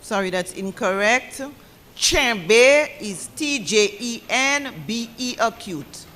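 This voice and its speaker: Slow, bright-voiced woman pronouncer. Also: fairly high pitch, lively intonation. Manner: slow, deliberate, repeats each word twice. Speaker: spelling bee pronouncer. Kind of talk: reading contest words aloud and judging answers.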